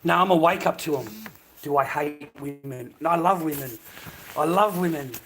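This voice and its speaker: A man's voice: on the high side, moderate pace, rough recording. An Australian man hosting a livestream, ranting bluntly at his viewers in a profane, slangy, lecturing way. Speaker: livestream host.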